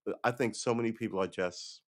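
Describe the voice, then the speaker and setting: A middle-aged man hosts a livestream, talking fast in a lowish voice. He chats casually and loosely with viewers, rambling, swearing and laughing often.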